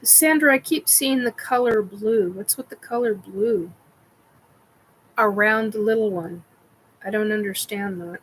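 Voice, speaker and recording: A woman's voice: medium pitch, a little slow, slight background noise, rough recording. A middle-aged woman hosting a casual live-stream chat, rambling with many fillers and restarts while she answers viewers.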